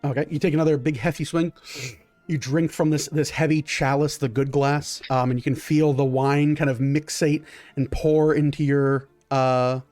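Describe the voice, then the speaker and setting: A man's voice: on the high side, little pitch movement, moderate pace, a little mellow, no room sound, faint music behind. A man narrating a tabletop game as game master, describing scenes in a rambling way with many fillers.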